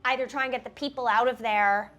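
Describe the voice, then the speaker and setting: A woman speaking fairly high as she plays a tabletop horror game, hesitant and earnest with many fillers. Soft music drifts faintly behind her. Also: fairly even intonation, quick pace, highs cut off. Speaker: player. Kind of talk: in-character tabletop play.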